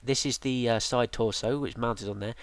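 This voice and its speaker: A tired man talks through a game guide in a loose, rambling way, stopping often for ums and restarts. His voice sits at an ordinary middle pitch. The recording is dry and close, with no room sound. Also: steady tone, moderate pace, dry recording. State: yawning, tired. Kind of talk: casual game tutorial narration.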